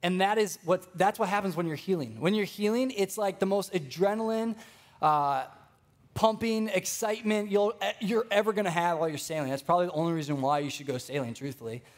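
A young man preaching a sermon, telling stories with lively energy and speaking straight to the congregation. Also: high voice, fairly quick. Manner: storytelling, animated, addresses congregation directly.

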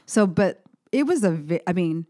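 A woman's voice: fairly low pitch, expressive, mellow, no room sound, clean studio sound. A young American woman musician chatting as an interview guest, rambling with frequent restarts and fillers. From United States. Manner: rambling, halting with many restarts. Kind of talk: casual interview chat.

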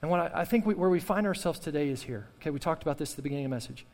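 Impassioned preacher in a reverberant hall. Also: male voice, a little high, animated, racing, a little mellow. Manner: impassioned preaching with repetition and call-and-response. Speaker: pastor. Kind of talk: sermon.

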